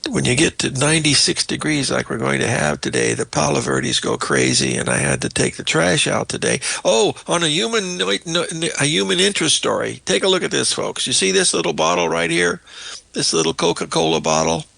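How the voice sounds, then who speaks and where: A man's voice: a little high, lively intonation, moderate pace, vocal fry, sharp tone, dry recording. An older man hosting a market show, walking through charts in a folksy, rambling way and calling his viewers "folks", with a slightly choked-up voice. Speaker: market analyst host. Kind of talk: live chart analysis talk.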